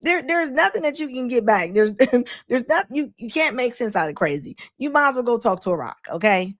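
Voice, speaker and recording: A woman's voice: a little high, lively intonation, brisk, dry recording. A woman hosting a live show and commenting on a clip, laughing often and scolding emphatically. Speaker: host.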